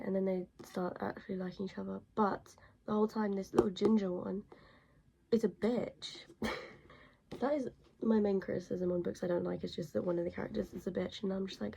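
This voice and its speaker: Chatty woman with a gravelly voice. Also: mid-range voice, dark tone, a little hiss or hum, poor audio. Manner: chatty, rambling and blunt. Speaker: book vlogger. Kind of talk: casual book review chat. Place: her bedroom.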